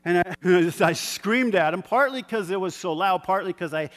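A man preaching a sermon, moving between quiet personal reflection and loud, fervent storytelling with bursts of laughter. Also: high voice, lively intonation, moderate pace, big-room sound. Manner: builds from soft reflection to shouted fervor, with laughs.

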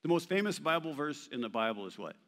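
A male pastor delivering an animated sermon, emphatic and sometimes playful, quoting scripture with rising force. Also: on the high side, quick pace. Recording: long reverb of a large hall.

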